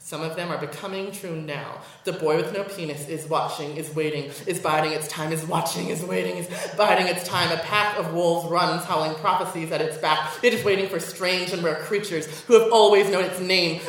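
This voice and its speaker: A woman performing her spoken word poetry at a college venue, intense and rhythmic, building repeated chants to loud peaks. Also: fairly low pitch, fairly even intonation, fairly quick, few pauses. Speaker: performance poet. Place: college venue before a live audience. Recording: echoey room.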